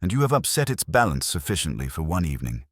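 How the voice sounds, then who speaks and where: A man reading the lines of an aloof, exacting genius detective in a measured, dryly formal way. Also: low-pitched, very animated, dry recording, studio quality. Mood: cold. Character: stout, aloof male genius detective, older. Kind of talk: audiobook character reading.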